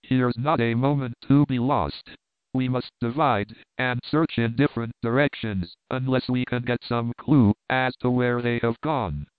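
A man voicing an older gentleman uncle who speaks in a brisk, urgent, commanding way. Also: medium pitch, fairly even intonation, clean tone, no echo, lightly acted. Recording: dry, narrow phone-like sound.

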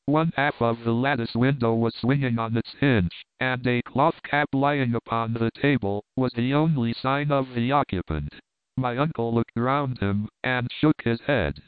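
A man narrating a period novel as an audiobook reader in a measured, even way. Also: medium pitch, clean tone, dry recording. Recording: dry, narrow phone-like sound.

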